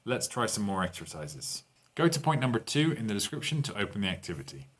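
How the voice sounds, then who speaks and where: A man's voice: on the low side, very animated, a little fast, fairly bright tone, husky. A man teaching an online English lesson, walking learners through exercises and translating lines into Spanish.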